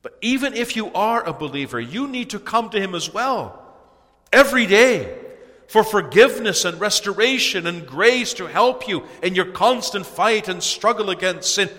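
A man delivers a sermon with earnest urgency, his somewhat high voice bright and forceful. He swells into loud cries on key phrases. A long reverb trails every word, as in a large church hall. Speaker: preacher.

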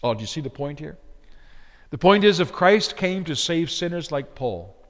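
A man preaching an expository sermon, pressing hard on key words, then dropping to quiet, low phrases. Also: animated, moderate pace. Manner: emphatic, swinging between loud stresses and quiet low phrases. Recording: long hall reverb.

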